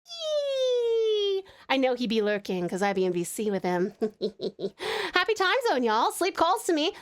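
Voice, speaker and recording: Bubbly Australian woman streamer, high and sing-song, affectionate and giggly with chat. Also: expressive, normal speed. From Tasmania, Australia. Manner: bubbly, giggly, gasps and laughs often; affectionate with viewers. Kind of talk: casual live-stream chat.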